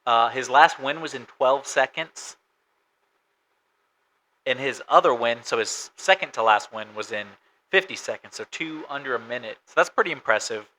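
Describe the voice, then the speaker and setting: A man with a bright, tense voice at a mid pitch co-hosts a casual sports podcast. He lays out records and odds in a matter-of-fact way. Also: moderate pace, rough recording. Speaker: podcast co-host.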